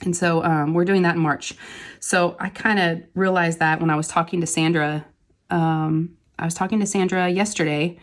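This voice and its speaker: A woman's voice: lowish voice, fairly even intonation, normal speed. A woman, a mother, chatting casually and rambling as she works on a craft project, laughing easily between thoughts. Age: adult with kids. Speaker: crafting channel host. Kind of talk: casual chat while diamond painting.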